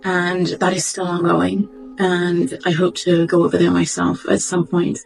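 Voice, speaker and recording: A woman with a low, gravelly voice recounts a personal turning point, her delivery heartfelt and halting. Her tone stays level rather than lively. Faint music plays quietly behind her. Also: low-quality recording. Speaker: doctor. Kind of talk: personal testimony. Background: faint background music.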